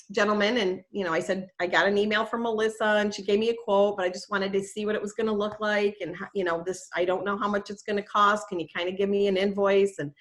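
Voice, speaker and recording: A woman's voice: medium pitch, fairly bright tone. A middle-aged woman, a nature preserve educator, telling a story in a casual, chatty way, with plenty of fillers and self-corrections.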